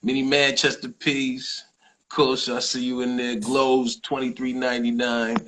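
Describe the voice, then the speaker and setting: A male podcast host and comedian chatting excitedly, stumbling over restarts and giving shout-outs. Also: medium pitch, measured pace, slight background noise, poor audio. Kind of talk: casual livestream chat.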